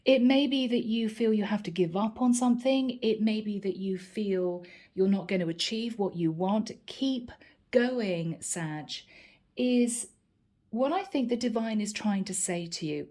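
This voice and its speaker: A woman's voice: mid-range voice, a little mellow. A woman giving a channeled tarot reading to her viewers, earnest and encouraging, often repeating her key phrases. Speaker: tarot reader.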